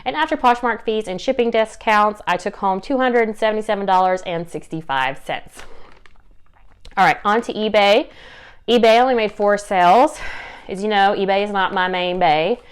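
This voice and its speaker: Chatty Southern woman with a smooth voice. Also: mid-range voice, normal speed. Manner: chatty, upbeat, lots of fillers and little laughs. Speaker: reseller vlogger. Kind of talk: casual chat to camera.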